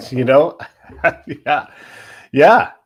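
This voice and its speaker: A man's voice: a little high, sing-song, extremely slow, husky. A man hosting a podcast, talking bluntly and casually with frequent swearing. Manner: blunt, profane, laughs easily. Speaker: host.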